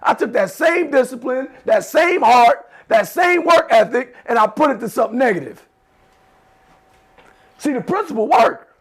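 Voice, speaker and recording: Addressing a class of teenagers, a motivational speaker uses a very high-pitched, husky voice with lively intonation and a moderate pace. His talk is emphatic and repetitive, built around call-and-response affirmations.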